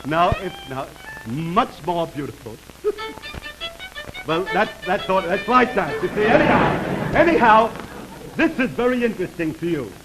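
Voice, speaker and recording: A man's voice: high voice, sing-song, unhurried, long pauses, over music. A middle-aged comedian telling a rambling, self-interrupting comic story for a sponsor, laughing at his own jokes. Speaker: comedian doing a sponsored pitch. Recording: noisy vintage 1940s broadcast recording.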